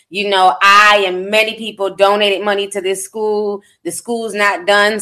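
A woman's voice: mid-range voice, fairly bright tone. A woman doing casual commentary on her vlog, chatty and sassy, calling her listeners honey and child. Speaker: vlogger.

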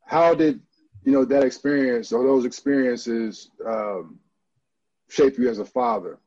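A man hosts an interview in a relaxed, appreciative way, leaning on fillers as he asks his question. His voice sits at a mid pitch, and the sound is a bit dull and lo-fi. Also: measured pace. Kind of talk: casual interview.

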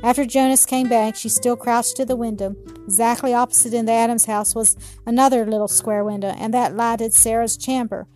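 Mellow woman reading a children's story. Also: fairly high pitch, steady tone, a little fast, soft background music. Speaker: narrator. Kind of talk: storybook narration.

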